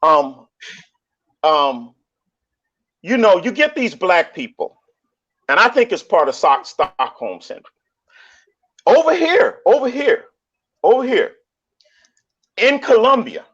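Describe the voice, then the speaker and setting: A man talking in a casual online debate, animated, often repeating and restarting his phrases. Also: sits high. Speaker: panelist in online discussion. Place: lives in Colombia. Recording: dull lo-fi stream audio.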